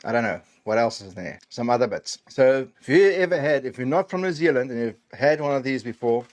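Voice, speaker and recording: A man's voice: medium pitch, expressive, a little fast. Chatty South African-born man tasting food. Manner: chatty and self-deprecating, trailing off mid-sentence. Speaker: food vlogger. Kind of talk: casual food-tasting chat.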